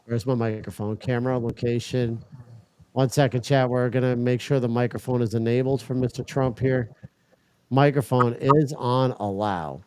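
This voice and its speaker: A man hosts a casual livestream and talks his viewers through a stubborn setup problem, muttering and swearing when it fails. His voice sits at a middling pitch. The sound is dry and close, with little room around it. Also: fairly even intonation, normal speed, smooth, no echo. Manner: muttering while troubleshooting, swears in frustration. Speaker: livestream host.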